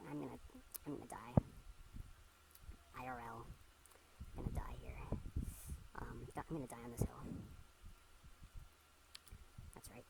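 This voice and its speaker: A woman's voice: extremely low pitch, normal speed, creaky, long pauses, heavy background noise. A sleep-deprived young woman rambling to herself as she gives casual gameplay commentary. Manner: rambling, talks to herself, restless. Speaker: gamer.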